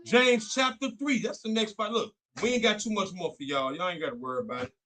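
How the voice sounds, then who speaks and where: A man's voice: sits high, animated, fast talker, a bit bright. A young man co-hosting a faith talk show, preaching on scripture in a fervent, repetitive, colloquial way. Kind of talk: preaching Bible study talk.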